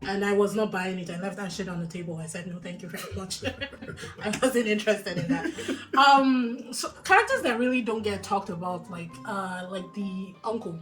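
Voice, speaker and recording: A woman co-hosting a casual film review chat, animated and opinionated, often laughing. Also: mid-range voice, normal speed, soft background music. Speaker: podcast co-host.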